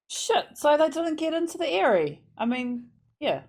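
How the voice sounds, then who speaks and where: A woman's voice: high voice, darkish tone. A woman hosting a reaction video, blurting emotional, blunt comments with plenty of swearing. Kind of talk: casual TV show reaction.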